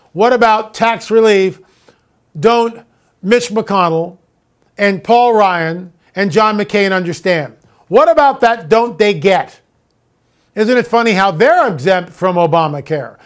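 High-pitched emphatic man. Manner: emphatic, mocking, drops to a hush for tense moments. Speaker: show host. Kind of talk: opinionated monologue and storytelling.

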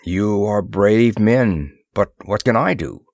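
Slow, somber underworld chief, man reading, formal, low and dry. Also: expressive, creaky, darkish tone, no room sound, exaggerated voice. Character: grave middle-aged male underworld leader.

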